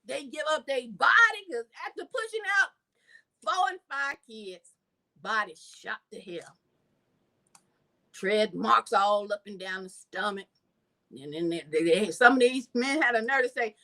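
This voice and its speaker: Lively high-voiced chatty woman. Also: measured pace. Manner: lively, chatty, addresses viewers as y'all, laughs. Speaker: channel host. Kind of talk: casual commentary.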